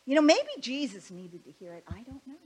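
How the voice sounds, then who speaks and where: A woman's voice: a little high, sing-song, brisk, a little mellow, slightly rough. A woman preaching a conversational sermon, asking her listeners rhetorical questions.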